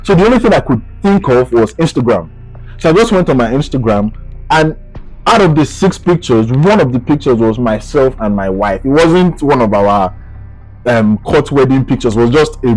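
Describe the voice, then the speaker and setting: A young man with a Nigerian accent recounts a personal story straight to camera in a casual vlog. His voice sits in an ordinary middle pitch, sometimes sinking low and quiet, then lifting with excitement. Faint music plays in the background. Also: normal speed, poor audio. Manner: animated, swings between hushed and excited retelling. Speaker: vlogger.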